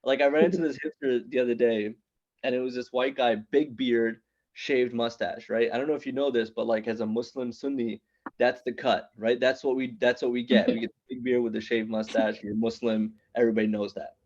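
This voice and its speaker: A man in his thirties, an immigrant raised in New York City, telling a stand-up comedy story with punchy, animated delivery and quick asides to the crowd. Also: mid-range voice, lo-fi sound. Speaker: stand-up comedian at open mic.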